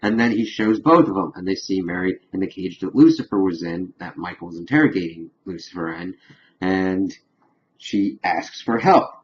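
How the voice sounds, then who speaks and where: Casting: man with a lowish voice, rambling casual recap of a show, muffled lo-fi sound. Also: animated, normal speed, slight background noise. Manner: rambling retelling full of "of course" and "kind of". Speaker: TV episode reviewer.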